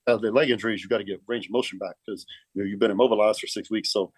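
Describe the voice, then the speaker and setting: A middle-aged man tells a long story fast, in a lowish voice. He swears freely and drops "man" everywhere. The sound is dry and close. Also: fairly even intonation, slightly rough, no room sound. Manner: profane, keeps saying man. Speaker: guest, pro bodybuilder. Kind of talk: casual storytelling.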